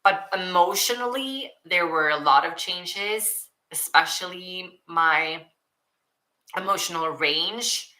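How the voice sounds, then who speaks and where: A woman's voice: lowish voice, slow pace, sharp tone, low-quality recording. A young woman with a Swedish accent answering viewer questions in a casual, emotional chat, often laughing and filled with "like" and "um". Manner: emotional, giggly, many likes and ums.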